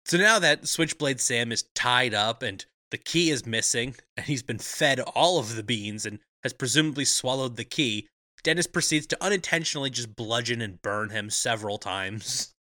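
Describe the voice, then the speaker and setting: A man's voice: mid-range voice, animated, moderate pace, sharp tone, no room sound, clean studio sound. A man co-hosting a podcast, casually recapping a movie plot and laughing often. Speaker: podcast co-host.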